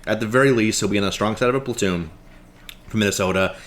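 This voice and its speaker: Lower-voiced male guest rattling off stats. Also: fast, fairly bright tone, slight background noise. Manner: rattles off stats, many "like" and "you know" fillers. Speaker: guest analyst. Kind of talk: casual sports chat.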